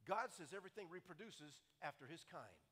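A man's voice: fairly high pitch, animated, fairly quick, bright, forceful tone, husky. A man giving a sermon-style talk in a large hall, telling a story with emphatic repetition. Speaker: speaker on creation.

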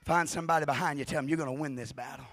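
A man preaching a revival sermon to a congregation, shouting repeated refrains with passion and then dropping to a hushed, intense delivery. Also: on the high side, fairly even intonation, racing, gravelly, dry recording.

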